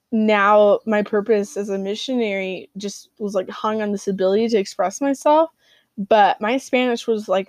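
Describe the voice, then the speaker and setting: A young woman from the United States, a returned missionary, tells a personal story in a halting way, with frequent fillers and restarts. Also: mid-range voice, no room sound. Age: young adult.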